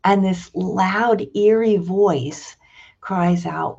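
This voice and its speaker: Slow, gravelly woman leading prayer. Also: on the low side, mellow, lo-fi sound. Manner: slow, reflective, with hesitant restarts. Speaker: prayer leader. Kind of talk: scripture reading and reflection.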